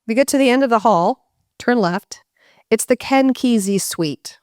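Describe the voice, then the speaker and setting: Animated storytelling woman, smooth voice. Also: a little high, a little slow, no room sound, clean studio sound. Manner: animated, breaks into voices for quoted people. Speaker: guest speaker. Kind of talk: casual storytelling to a live audience.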